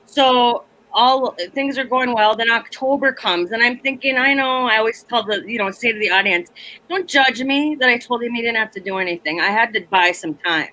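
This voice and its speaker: A woman comedian and teacher telling a story on a video call, animated and laughing, acting out voices. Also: fairly high pitch, moderate pace, rough recording. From Minneapolis area.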